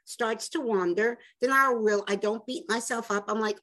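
A woman hosting a radio talk show, speaking in a gentle, encouraging way in a conversational interview. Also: fairly high pitch, moderate pace.

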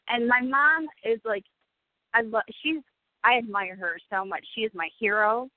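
A woman's voice: on the high side, lively intonation, moderate pace, no echo. A woman in her forties, a radio guest, speaking candidly and emotionally and swearing freely. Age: 40s. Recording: tinny phone-like dry sound.

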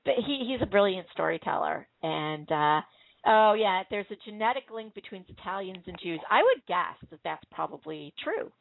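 This host tells her stories in a rambling, casual talk-show way, full of fillers and false starts. She has a mid-range, creaky voice with lively intonation at normal speed, heard on a tinny phone-line call.

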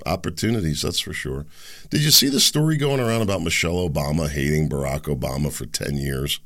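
A man with a low, gravelly voice delivers a solo political commentary. He rambles and speaks with sarcasm, stopping to mock the people he talks about. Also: brisk, fairly bright tone. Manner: rambling, sarcastic, mocks others in high sneering voices.

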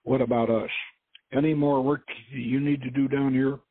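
A man's voice: medium pitch, level tone, normal speed, voice pushed up, natural voice. A man voicing a brusque special forces colonel who barks curt orders, through a dry, phone-like radio sound. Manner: barking, curt.

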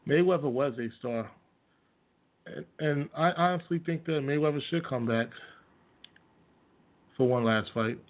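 A man's voice: on the high side, unhurried, long pauses. A man hosting his own radio show, ranting casually and bluntly about sports with plenty of profanity and scornful laughs. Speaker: host. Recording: tinny phone-like audio.

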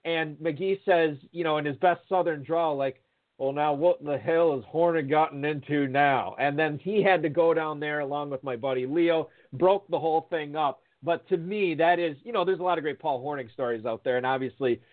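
A man's voice: a little high, fairly quick, hardly any pauses. Man telling a story over a phone line. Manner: rambling, animated storytelling with many fillers and restarts. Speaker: guest storyteller. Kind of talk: casual anecdote telling.

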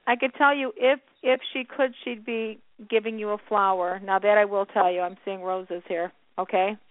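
A woman's voice: mid-range voice, fairly even intonation, moderate pace, no room sound. A woman hosting a call-in psychic radio show, calling her callers honey. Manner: warm, calls callers honey. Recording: tinny phone line, dry.

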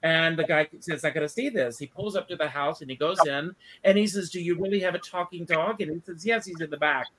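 Higher-voiced male host, relaxed. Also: a little fast, few pauses. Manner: relaxed and conversational, tells a joke. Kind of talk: casual interview chat.

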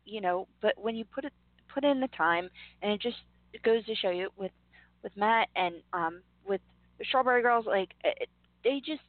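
A woman's voice: mid-range voice, animated, normal speed, dry recording. A woman co-hosting a radio talk show, upbeat and encouraging, laughing often. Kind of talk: casual radio banter. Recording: dry, tinny phone-like sound.

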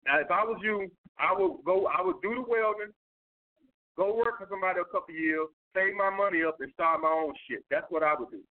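A man's voice: sits high, brisk. A man hosting a livestream, answering viewer questions in blunt, profane casual talk. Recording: tinny phone-like sound.

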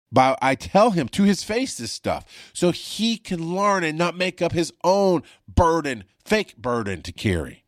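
A man's voice: on the high side, very animated, moderate pace, hardly any pauses, no room sound. A man, a paramedic hosting a podcast, speaking frankly and emphatically from his home studio and swearing freely. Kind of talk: candid podcast monologue. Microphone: studio mic on a video call.

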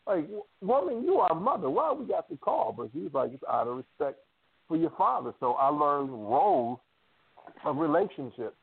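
Dude telling family stories on a call, animated, tinny phone sound, dry. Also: male voice, mid-range voice, vocal fry, no echo. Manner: animated storyteller acting out family quotes. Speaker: radio show co-host. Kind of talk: casual storytelling chat. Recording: dry phone-line audio.

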